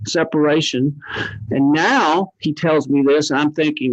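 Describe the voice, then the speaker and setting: A man's voice: a little high, unhurried, no echo. An older man, an interview guest, telling his story in a rambling, earnest way with many fillers. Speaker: interview guest, cancer survivor. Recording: dull, dry lo-fi sound.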